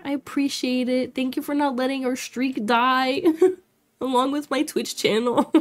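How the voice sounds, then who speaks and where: A young woman from Florida streaming a life sim game, chatting casually with her viewers, reacting loudly and laughing often. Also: sits high, fairly even intonation, measured pace. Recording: faint music behind.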